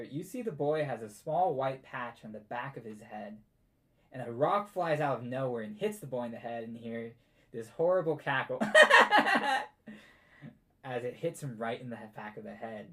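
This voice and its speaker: A man with a mid-range voice runs a tabletop game as game master, narrating the story in a relaxed way and chuckling often.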